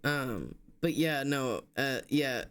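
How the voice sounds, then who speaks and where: A man's voice: medium pitch, animated, takes it slowly, a bit bright, smooth. A young man streaming, exhausted and yawning, talking casually and apologetically to his chat.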